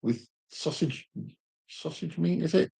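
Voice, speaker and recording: Husky-voiced man chatting on a live stream. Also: on the high side, measured pace, mellow. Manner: chatty, reads viewer comments aloud. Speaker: cooking channel co-host. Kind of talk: casual live chat. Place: home.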